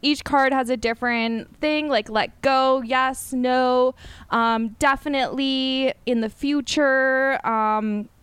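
A woman's voice: sits high, steady tone, slow, fairly bright tone, clean tone, dry recording. A woman co-hosting a podcast in casual chat, giggly and swearing casually. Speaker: podcast co-host.

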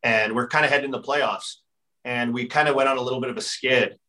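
A man's voice: mid-range voice, fairly even intonation, a little fast, pushed and bright, distant mic, low-quality recording. A man, a former hockey player, guesting on a podcast and telling stories in a rambling way full of fillers. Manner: rambling, heavy use of filler "like". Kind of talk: casual storytelling chat.

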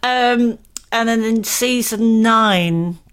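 A woman co-hosting a casual comedy chat, jokey and quick to laugh. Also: fairly high pitch, clean tone. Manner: chatty, laughing, jokey asides. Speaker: comedian co-host.

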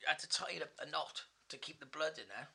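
A man's voice: on the high side, fast, creaky, pushed and bright, breathy edge. A man telling crude stories in casual chat, laughing as he goes.

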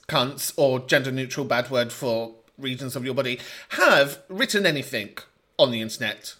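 A man's voice: mid-range voice, a little fast. A man hosting a podcast in a chatty, sweary way, with playful mock outrage. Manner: chatty and animated. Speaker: podcast host. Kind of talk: casual monologue, reading listener messages.

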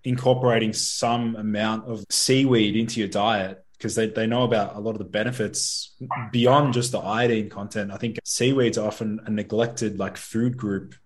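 A man's voice: lowish voice, fairly even intonation, moderate pace, few pauses. A man hosting a podcast, asking questions in a casual, curious way. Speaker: podcast host. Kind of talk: podcast interview.

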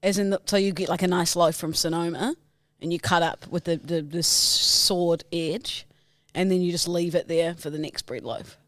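A woman's voice: fairly low pitch, fairly even intonation, no echo, studio quality. A woman co-hosting a comedy podcast, telling stories playfully and laughing easily. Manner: playful storyteller, quick laughs. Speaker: podcast co-host. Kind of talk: casual comedic chat.

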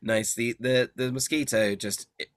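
A man's voice: mid-range voice, steady tone, moderate pace, a bit bright, no room sound, clean studio sound. A man narrating a tabletop game as game master, laughing often.

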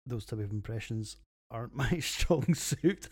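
A man's voice: medium pitch, lively intonation, measured pace, soft background music. A Scottish man hosting a solo beer podcast from his home office, talking in crude, sweary, self-mocking banter. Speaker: podcast host reviewing beers. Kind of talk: casual solo podcast monologue.

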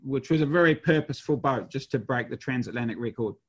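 A man's voice: medium pitch, fast talker, breathy edge, muffled recording. A man in his fifties, a race skipper, telling stories in a rambling way with lots of fillers and restarts. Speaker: professional sailor, race skipper. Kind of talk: conversational storytelling.

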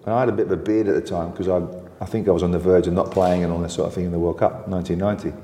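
An older man with a lively, anecdotal storytelling manner, recounting old football tales as an interview guest and laughing often. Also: low-pitched, racing, reverberant, long reverb tail.

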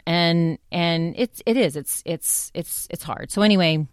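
Low-voiced chatty woman podcaster. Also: measured pace, hardly any pauses, no echo, studio quality. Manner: chatty, rambling, frequent restarts and tangents. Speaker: podcast host. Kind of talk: casual solo podcast monologue.

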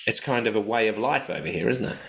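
A man's voice: fairly low pitch, fast talker, roomy sound, slight background noise, rough recording. A man, a podcast co-host telling anecdotes in casual chat, acting out other people's voices as he goes. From New Zealand. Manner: animated, acts out voices in anecdotes.

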